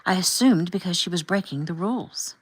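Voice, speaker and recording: A woman's voice: on the low side, a little fast, no echo, natural voice. A woman voicing a prim, self-important woman chaperone who talks in a flustered, defensive way in an audiobook.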